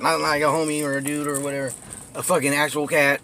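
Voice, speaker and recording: Speaking fast in a slightly high, level, fairly bright voice, a buzzed man wanders an alleyway and street of his old neighborhood. Into a handheld phone he tells rambling, profane stories, laughing often between phrases.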